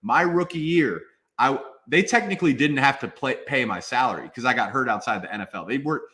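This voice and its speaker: A man's voice: mid-range voice, expressive, brisk, bright, forceful tone. A man in his twenties, a former football player, talking emphatically as a guest in a casual interview.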